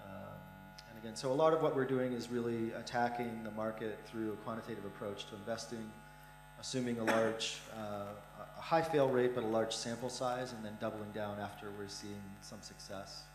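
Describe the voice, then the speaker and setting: Middle-aged man, investor on a conference stage, blunt and frank, lowish voice, full of "uh"s, echoey hall with hum. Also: fairly even intonation, moderate pace. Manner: blunt, frank, many "uh" fillers. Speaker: investor, startup fund founder. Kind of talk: conference interview answers.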